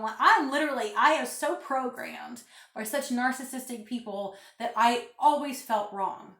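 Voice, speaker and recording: A woman's voice: a little high, normal speed, a bit bright, reverberant. A woman giving an emphatic, preachy spiritual vlog talk into her phone, repeating phrases for stress. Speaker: spiritual vlogger. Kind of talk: casual vlog monologue.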